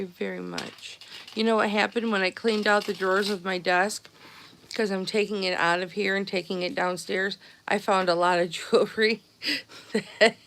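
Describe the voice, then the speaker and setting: A woman's voice: mid-range voice, vocal fry, fairly bright tone. A middle-aged woman telling a childhood story to her live viewers in a chatty way, acting out the people in it. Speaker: vlogger talking to live viewers. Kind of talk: casual live-stream storytelling.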